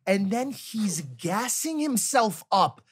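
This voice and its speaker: A woman on a podcast, telling a story in a lively way, laughing as she talks. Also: mid-range voice, takes it slowly, breathy edge. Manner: laughing, lively retelling with acted-out quotes. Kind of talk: casual storytelling chat.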